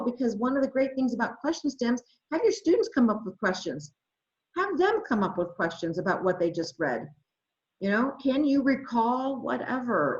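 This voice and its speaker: A woman leading an adult education webinar, talking to teachers with lots of excitement and reading chat replies aloud over a computer microphone. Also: medium pitch. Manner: enthusiastic, exclamatory, reads chat aloud. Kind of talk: webinar presentation. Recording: roomy, slightly dull webinar audio.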